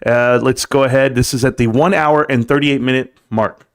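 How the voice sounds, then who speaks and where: A man's voice: mid-range voice, steady tone, moderate pace, clear, resonant tone. A man hosting a live stream from his computer, hyped and boastful, talking straight to his chat viewers. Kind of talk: casual live stream commentary.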